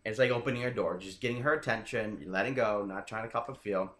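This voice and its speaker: A man's voice: on the low side, fast, fairly bright tone. Chatty man in an echoey room. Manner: chatty, keeps checking in with "right?". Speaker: dating coach guest. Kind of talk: casual interview talk. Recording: roomy echoing room.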